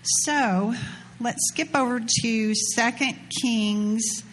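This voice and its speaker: A woman's voice: on the high side, extremely slow, slight background noise. A woman preaching a casual sermon, retelling a scripture story in a chatty way with slang asides. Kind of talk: informal sermon with scripture reading.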